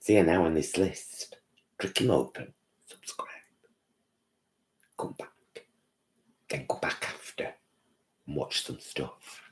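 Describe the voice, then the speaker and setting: Deep-voiced, lively man chatting live. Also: slow pace, pauses often, a little hiss or hum. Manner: chatty, animated, often laughing and answering viewers by name. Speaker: vlogger hosting a live chat. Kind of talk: casual live-stream chat, reading out viewer comments.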